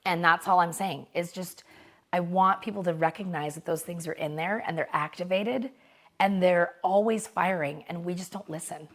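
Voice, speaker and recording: A woman's voice: on the low side, moderate pace, fairly bright tone. A woman hosting a podcast, talking candidly in a casual motivational monologue, checking in with "right?" and swearing now and then. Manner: candid, conversational, mild swearing, frequent "right?" check-ins. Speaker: podcast host.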